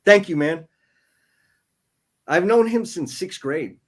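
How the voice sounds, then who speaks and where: A man's voice: sits high, expressive, slow. A man in his thirties co-hosting a casual livestream, reading viewer comments aloud and getting choked up and emotional. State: emotional, near tears. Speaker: co-author and livestream co-host.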